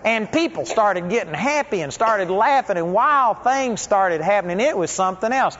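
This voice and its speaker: A man's voice: high voice, animated, moderate pace, background noise. A man preaching a sermon, telling stories in a conversational, folksy way. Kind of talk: storytelling sermon. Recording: dull lo-fi recording with long hall reverb.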